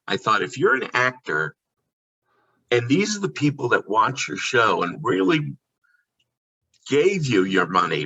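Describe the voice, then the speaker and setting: A man who is a guest on a podcast, telling candid stories in an animated, casual way. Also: medium pitch, breathy edge, highs cut off. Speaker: podcast guest, theme park performer. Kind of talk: casual storytelling chat.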